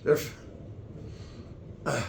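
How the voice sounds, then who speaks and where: Rambling, halting comedian, echoey room. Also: male voice, slight background noise. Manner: meandering, halting delivery with many restarts.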